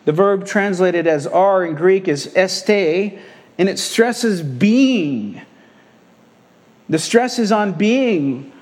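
Male preacher with a high voice, emphatic sermon delivery, repeats lines for stress. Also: a little mellow. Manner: emphatic, repeating key phrases. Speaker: pastor.

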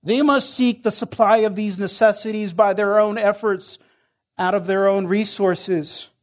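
A man preaching a sermon in an earnest way, rising in force and then sinking to hushed lines. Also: high-pitched, fairly even intonation, a little slow. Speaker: pastor.

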